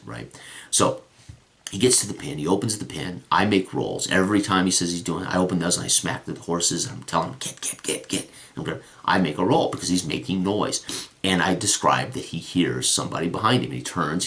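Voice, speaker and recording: A man's voice: very deep voice, a bit bright. A middle-aged man, a game master, casually recapping a tabletop game session in a rambling way, with many restarts. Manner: rambling, with frequent restarts and fillers.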